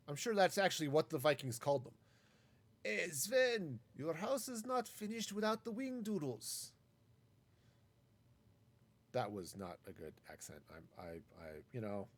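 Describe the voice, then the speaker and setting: A man casually talking through a live game stream, wry and self-mocking as he rambles. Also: medium pitch. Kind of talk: casual gameplay commentary.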